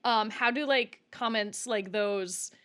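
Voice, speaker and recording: A woman's voice: mid-range voice, slow pace, fairly bright tone, clean tone. A woman host asking her guests questions in a casual way. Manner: casual, laughs along. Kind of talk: interview questions.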